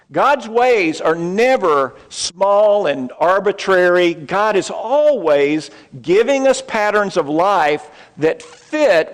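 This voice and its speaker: A man's voice: high voice, in a large hall. A middle-aged man, preaching a sermon in a church auditorium and telling a story with asides to the congregation. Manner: storytelling with pauses and asides to the audience. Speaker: pastor.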